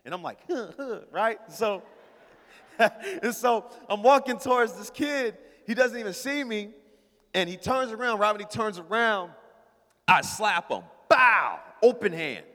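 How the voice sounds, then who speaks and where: A pastor with a high, fairly bright voice delivers a storytelling sermon, casual and playful as he calls out to his congregation. A long reverb from the hall trails behind his words.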